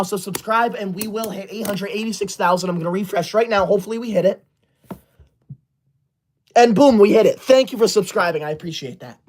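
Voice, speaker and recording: A performer playing a self-righteous young livestreamer who loves school, scolding the chat with indignant, sudden shouted outbursts into a close mic. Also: medium pitch, a little hiss or hum, close to an everyday voice. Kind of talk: comedy sketch livestream.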